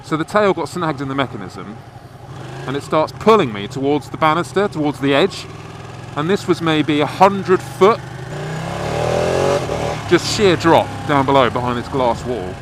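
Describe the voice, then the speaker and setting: A man's voice: a little high, animated, normal speed, noisy background. Swearing man telling a story in a car. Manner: swears freely, rambling anecdote. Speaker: vlogger. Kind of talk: casual storytelling.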